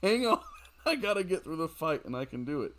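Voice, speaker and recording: A tired young man chatting casually while streaming a game late at night, rambling, giggling and reacting loudly to the game. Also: a little high, animated, brisk.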